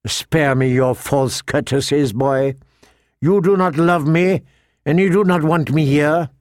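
A man's voice: on the high side, a little slow, no room sound, close to an everyday voice. A man voicing a wry, sardonic dwarf lord. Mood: scornful. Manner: dry mocking wit, drawling asides. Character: wry sardonic dwarf nobleman, male adult. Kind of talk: audiobook character voice.

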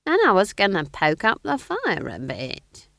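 A woman voicing a cheerful, homely older witch with a folksy, drawn-out way of talking. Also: fairly low pitch, very animated, fairly bright tone, dry recording, studio quality, voice pushed up, full character voice.

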